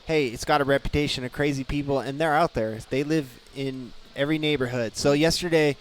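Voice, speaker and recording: A man, a guest in a radio studio, telling a story in casual chat and acting out the people in it with lively energy. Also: mid-range voice, a little fast. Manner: animated, acts out quotes.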